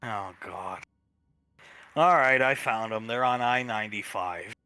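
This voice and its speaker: Bright-voiced man narrating a tabletop game. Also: lowish voice, measured pace, dry recording. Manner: narrates actions between lines, often laughing. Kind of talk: improvised role-play narration.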